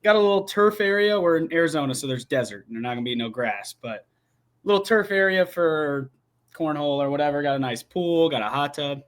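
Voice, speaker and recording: A man's voice: fairly high pitch, lively intonation, a little fast. A young man talking college football in a casual, rambling way, restarting his sentences as he builds his opinions. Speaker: guest football commentator. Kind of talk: casual sports talk.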